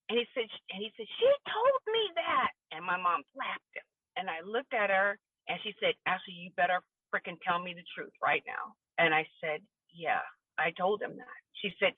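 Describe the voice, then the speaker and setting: Calling in over a tinny phone line, a woman whose voice sits on the low side tells a personal story on a podcast, with no room sound behind her. She's earnest throughout, playing out the remembered dialogue in the quoted voices.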